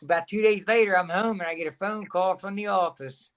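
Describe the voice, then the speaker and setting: A man's voice: high-pitched, steady tone, fairly quick, a bit bright. A man, a wrestling guest at a fan signing, telling casual, rambling anecdotes and laughing as he goes. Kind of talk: casual storytelling.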